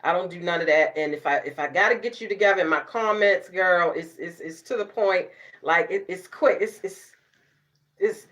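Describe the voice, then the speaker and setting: A middle-aged woman vlogger, chatting casually to camera, sassy and loud, laughing often and cussing freely. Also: lowish voice, normal speed. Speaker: beauty vlogger.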